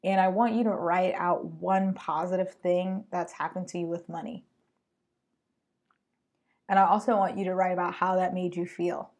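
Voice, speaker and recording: A woman hosting a solo podcast, talking straight to her listeners in an animated, slangy way. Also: lowish voice, moderate pace. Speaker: podcast host.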